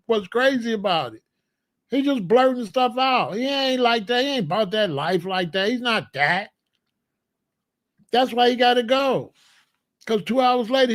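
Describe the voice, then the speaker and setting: A man hosting solo political commentary, talking emphatically and repeating incredulous rhetorical questions. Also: very high-pitched. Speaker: commentary channel host.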